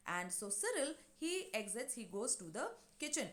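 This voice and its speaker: A woman teacher explains a play scene by scene. Her voice sits a little high, and she leans on fillers and short hesitations as she retells what happens. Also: very animated, normal speed, hardly any pauses.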